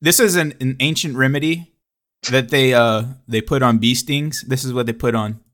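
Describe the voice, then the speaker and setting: A man's voice: mid-range voice, moderate pace, a bit bright. A man hosting a casual movie podcast, wry and joking. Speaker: podcast host.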